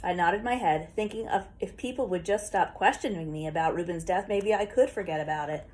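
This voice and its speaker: A woman reading a first-person story aloud as an audiobook, in a steady, plain storytelling manner. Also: fairly low pitch, fairly quick. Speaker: audiobook reader.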